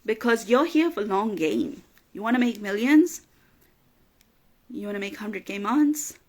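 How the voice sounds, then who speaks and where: A woman's voice: medium pitch, lively intonation, measured pace. A woman business coach giving an emphatic motivational talk, repeating phrases for emphasis and getting emotional at times. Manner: gets emotional, laughs through tears.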